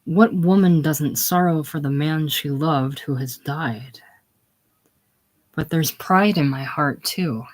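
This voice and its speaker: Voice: mid-range voice, slow pace, natural voice. A reader voicing a proud, bitter young farm woman in a casual play reading, speaking hard and grim. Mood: brooding. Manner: hard and grim, with soft crooning moments.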